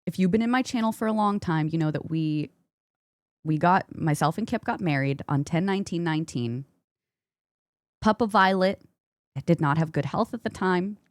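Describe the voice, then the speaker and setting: A woman streamer chatting casually, reading and answering her chat aloud and jumping high in pitch when excited. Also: moderate pace, no room sound, clean studio sound.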